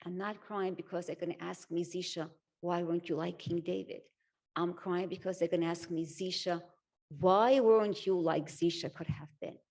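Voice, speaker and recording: A woman's voice: fairly low pitch, steady tone, normal speed, darkish tone. A woman voicing a humble old male rabbi on his deathbed, who speaks in an earnest, solemn, plain way.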